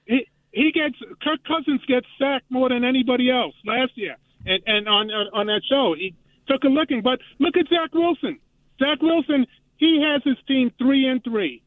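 High-voiced man calling in on a tinny phone. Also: moderate pace, no room sound. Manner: polite, eager, keeps trying to finish his point. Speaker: caller. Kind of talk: call-in sports opinion. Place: in a car.

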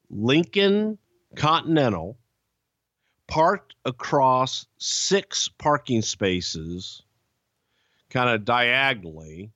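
A man with a mid-range voice hosts a podcast, telling stories casually with animation, profanity, and laughter. The audio is dull, with no room sound.

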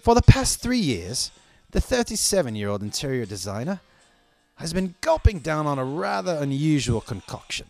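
A man's voice: a little high, lively intonation, very fast, hardly any pauses, faint music behind, close to an everyday voice. A man putting on a clumsy British-Australian accent. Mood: hammy. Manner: hammy, exaggerated greeting voice.

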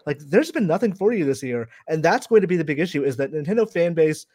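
A man co-hosting a casual gaming news podcast, talking through his views in a measured, analytical way. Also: a little high, animated, darkish tone. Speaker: podcast co-host.

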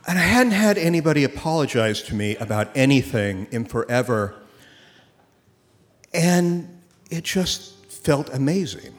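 A man telling a personal story on stage at a live event, animated and often laughing as he speaks. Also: on the high side, measured pace. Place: theater stage before an audience. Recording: roomy live hall with faint noise.

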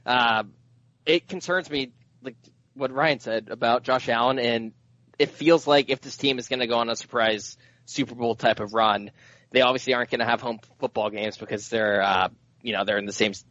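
A man's voice: medium pitch, bright, forceful tone, dry recording, muffled recording. A man co-hosting a podcast, analyzing a football game in a casual way. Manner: analytical, with "uh" and "like" fillers. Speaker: podcast co-host.

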